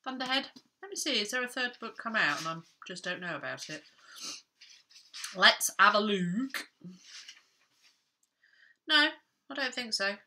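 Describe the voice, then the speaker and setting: A woman's voice: medium pitch, pushed and bright, slight background noise. A middle-aged woman, chatting casually about her reading in a rambling, self-interrupting way. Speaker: book vlogger. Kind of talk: chatty book vlog.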